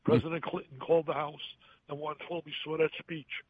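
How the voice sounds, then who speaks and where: Over a tinny, faintly hissing phone line, an older guest on a call-in shares emotional stories, his voice a little high and his delivery brisk. He tells them in an animated way, performing the voices of the characters he quotes.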